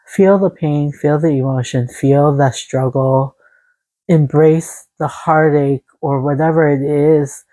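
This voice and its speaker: Low, mellow-voiced woman reading tarot. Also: steady tone, slow pace, dry recording, poor audio. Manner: soothing, encouraging, talks to viewers as "glowing angels". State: a little out of breath. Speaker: tarot reader. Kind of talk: casual spoken tarot reading. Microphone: phone camera.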